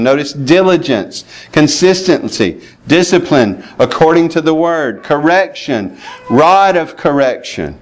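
A man's voice: fairly high pitch, animated, measured pace. A man preaching a sermon, plainspoken and emphatic, with chuckles and asides to the congregation. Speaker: pastor.

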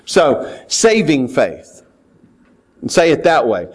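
A man's voice: a little high, huge pitch swings, slow, breathy edge. Earnest man preaching a sermon. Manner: earnest, repeats words while reading scripture aloud. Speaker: pastor.

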